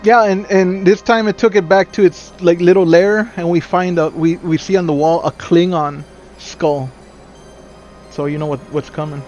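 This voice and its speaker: A man co-hosting a podcast, recounting a film's scenes in casual chat, animated and swearing freely. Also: high voice, moderate pace, dull audio, soft background music. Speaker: podcast co-host.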